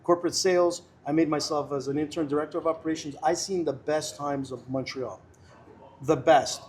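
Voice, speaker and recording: A man's voice: a little high, fairly even intonation, a little fast, darkish tone, a little hiss or hum. A middle-aged man talking earnestly and emphatically as a candidate guest in a casual interview. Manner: emphatic, earnest and persuasive, many restarts.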